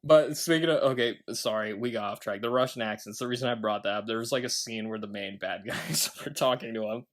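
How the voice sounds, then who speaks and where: A young man co-hosting a casual film podcast at a middle pitch. He recounts movie scenes with a loose, chatty delivery and keeps slipping into laughter. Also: fairly quick, few pauses, fairly bright tone. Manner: giggly, laughs often while talking, recounting scenes. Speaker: podcast co-host. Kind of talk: casual film review chat.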